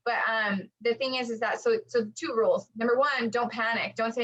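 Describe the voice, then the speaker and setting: A woman co-hosting a running podcast in casual chat, lively and acting out quotes with lots of fillers. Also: a little high, a little fast, few pauses. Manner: animated, acts out quotes, many fillers. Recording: dull lo-fi audio.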